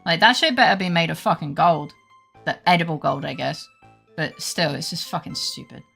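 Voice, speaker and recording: A woman's voice: low-pitched, animated, moderate pace, gravelly, a bit bright, breathy edge, faint music behind. A woman streamer chatting casually during a game stream, rambling, swearing freely and going on rants. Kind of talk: casual gaming stream chat.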